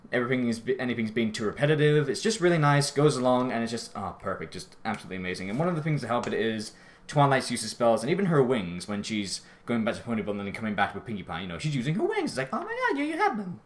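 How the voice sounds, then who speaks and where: Guy doing a chatty episode review, rambles and corrects himself a lot, average pitch, voice squeaks up when he's out of breath. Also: lively intonation, racing. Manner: rambling, self-correcting, often apologetic; voice jumps high when out of breath. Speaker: show reviewer. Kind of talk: casual spoken episode review.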